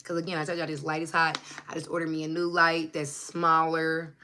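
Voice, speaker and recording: A woman's voice: deep voice, monotone, a little fast, pushed and bright, slight background noise. A woman hosting a casual livestream pep talk, passionate and emphatic, swearing freely and repeating herself for effect, recorded on a phone at home. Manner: emphatic and repetitive. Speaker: motivational channel host. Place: at home under a hot light.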